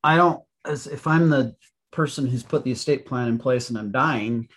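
A man's voice: mid-range voice, normal speed, fairly bright tone. Wry, jokey man co-hosting. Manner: wry, jokey, self-deprecating. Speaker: podcast co-host. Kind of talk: casual podcast conversation.

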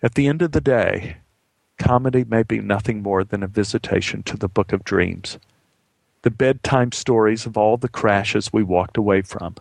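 Male storyteller, vivid dramatic telling, gravelly voice, dry close sound. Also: on the low side, moderate pace, no echo. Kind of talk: spoken personal storytelling.

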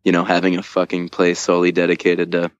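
A deep-voiced man appears as a podcast guest, telling a long story loosely and casually, packed with fillers and swearing, laughing at the funny bits. His delivery is completely flat and quick, and the audio sounds dull.

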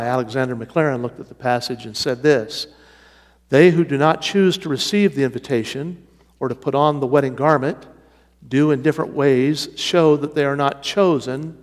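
Man teaching scripture in an echoing hall. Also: mid-range voice. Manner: methodical, repeats key phrases for emphasis. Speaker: Bible teacher. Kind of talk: evening Bible study lecture. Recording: reverberant hall sound.

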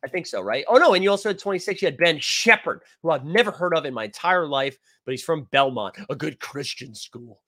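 A man's voice: fairly high pitch, animated, fairly quick, hardly any pauses, bright, forceful tone. A man hosting a casual live-stream sports show, rambling and joking as he reads viewer comments aloud. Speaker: sports show host reading live chat.

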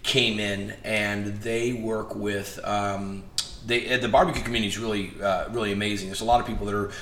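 A fairly quick, lowish male voice belongs to an interview guest caught up in casual storytelling. He brings the tales to life by acting out the quoted dialogue, while the echoey room adds faint noise.

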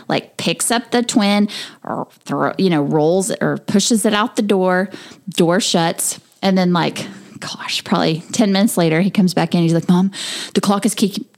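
A woman's voice: on the low side, darkish tone. A woman in her thirties, co-hosting a casual faith and parenting chat, animatedly retelling a story of her son's sleepless night. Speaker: podcast co-host.

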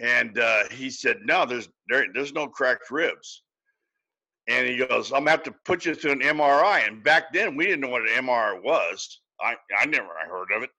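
A man's voice: medium pitch, animated, moderate pace, sharp tone, poor audio. An older man, a podcast guest, telling a long personal story in a folksy, casual way with chuckles.

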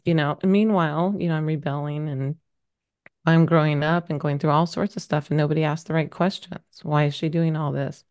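A middle-aged woman with a low-pitched, darkish voice speaks as a podcast guest, candidly sharing a personal story. She's emotional and rambles a little, using many fillers.

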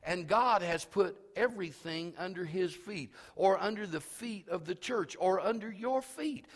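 A male pastor preaching fervently, repeating himself and swinging between hushed words and shouts. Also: high-pitched, unhurried. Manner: fervent, repetitive preaching with many restarts. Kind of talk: sermon. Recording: long reverb of a big hall.

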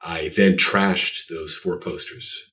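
A man's voice: low-pitched, fairly even intonation, slow pace, pushed and bright, recorded from a distance. A man being interviewed about his art, telling stories in a rambling, self-deprecating way with lots of fillers. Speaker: artist guest. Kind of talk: casual interview chat.

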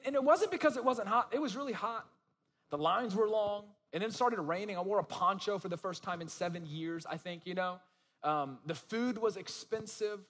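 High-voiced man preaching casually in a hall. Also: a little hiss or hum. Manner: conversational, animated storytelling with many "you know" asides. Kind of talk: casual sermon.

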